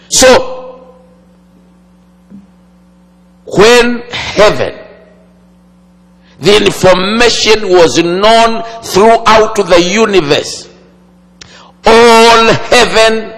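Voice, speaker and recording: A man preaches in a high, gravelly voice, taking his time with long pauses. He swings from loud declarations to hushed phrases. His words ring out with a long reverb through a large hall. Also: lively intonation. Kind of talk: sermon.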